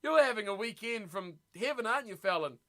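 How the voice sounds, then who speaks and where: Man, high voice, bright and sharp tone, excitable live match reaction, chatty streamer. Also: fairly quick. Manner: excitable, chatty, reads viewer messages aloud. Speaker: streamer hosting a watch party.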